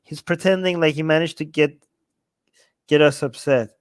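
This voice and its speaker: A man's voice: a little high, fairly even intonation, normal speed, long pauses, no room sound. A man hosting a livestream, commenting on the chat in a sarcastic, mocking way. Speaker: livestream host.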